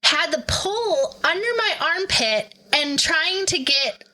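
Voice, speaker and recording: A woman's voice: sits high, sing-song, a little slow, bright, forceful tone, rough recording. A woman in her thirties, a podcast co-host, animatedly retelling a story in casual chat and acting out the quoted voices.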